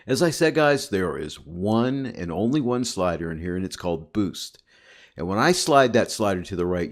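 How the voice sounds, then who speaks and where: Upbeat deep-voiced male tutorial host. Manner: upbeat, chatty, addresses viewers as guys. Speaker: photo editing instructor. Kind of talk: screen-recorded software tutorial.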